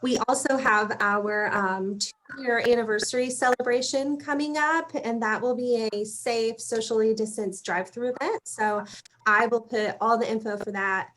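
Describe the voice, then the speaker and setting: A woman's voice: on the high side, fairly even intonation, normal speed, a bit bright. A woman with a Southern US accent, upbeat and promotional, introducing her psychiatric hospital on a video call with many ums. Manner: upbeat, promotional, filler-heavy.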